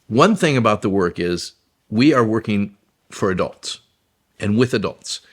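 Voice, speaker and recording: Low-voiced man telling performer anecdotes. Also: expressive. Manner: anecdotal, halting with fillers and laughs. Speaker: vaudeville troupe performer. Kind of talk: interview storytelling.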